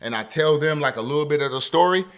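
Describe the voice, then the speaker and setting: Host, male, slightly high voice, loose, profane storyteller, acts out every quote. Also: fast talker. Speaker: podcast host. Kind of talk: casual storytelling chat.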